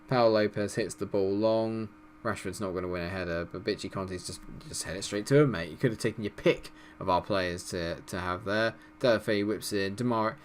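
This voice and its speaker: A man doing live commentary over a football management game, exasperated and swearing, swinging from low mutters to loud outbursts. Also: slight background noise. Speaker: gaming commentator.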